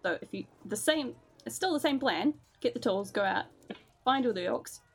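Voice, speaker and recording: A woman's voice: on the high side, expressive, normal speed, gravelly, breathy edge. A woman playing a tabletop game, giggly and talking in character. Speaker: player.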